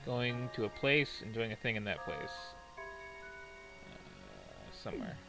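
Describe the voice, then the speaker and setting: A man's voice: fairly low pitch, huge pitch swings, takes it slowly, gravelly, low-quality recording. A man giving rambling, wry and self-deprecating commentary while streaming a video game. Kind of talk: casual gameplay commentary. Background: game music.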